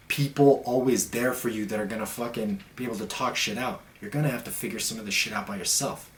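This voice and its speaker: Young man, casual monologue, swears a lot, punchy emphasis, roomy echo, mid pitch. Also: a bit bright. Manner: profane, blunt, emphatic. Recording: echoey room.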